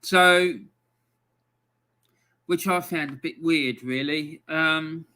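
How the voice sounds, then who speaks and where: A man's voice: on the high side, drawn-out words, pushed and bright. A man hosting a live football fan stream, ranting in angry exasperation about his team's loss. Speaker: fan channel host.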